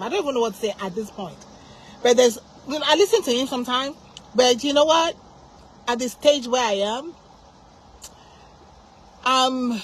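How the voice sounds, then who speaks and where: A woman's voice: sits high, fairly bright tone, slightly rough, rough recording. A woman hosting a faith channel, speaking in a fired-up, emphatic, preachy way with many restarts. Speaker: Christian channel host. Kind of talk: passionate faith talk to camera.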